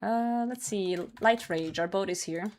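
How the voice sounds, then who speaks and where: Mid-range, unhurried and a little mellow, this young woman's voice belongs to a live streamer. She games while chatting casually with viewers, laughing a lot and occasionally cursing.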